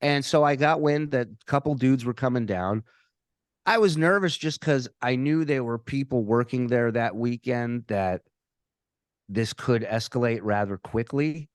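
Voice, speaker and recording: A man telling a story as a podcast guest, animated and profane, often repeating words as he restarts his sentences. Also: mid-range voice, measured pace, no echo, clean studio sound. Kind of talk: casual storytelling.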